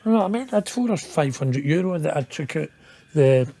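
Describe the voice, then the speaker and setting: A Scottish man in his fifties, appearing as an interview guest, spins a long, rambling, profane story while laughing and poking fun at himself. His voice is a little high, dark-toned, and expressive, moving slightly fast over faint background noise.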